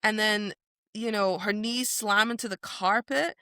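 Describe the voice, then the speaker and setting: A woman's voice: medium pitch, fairly even intonation, unhurried, bright, forceful tone, smooth, no room sound, clean studio sound. A woman co-hosting a podcast, chatting casually about a novel and acting out the characters' lines with animation. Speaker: podcast co-host. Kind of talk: casual book discussion.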